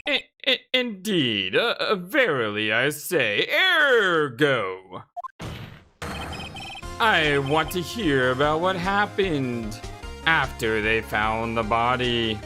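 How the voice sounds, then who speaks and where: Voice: medium pitch, very animated, slow pace, over music. A player reading lines for a flustered young male defense lawyer in a courtroom video game, stammering and fumbling for words.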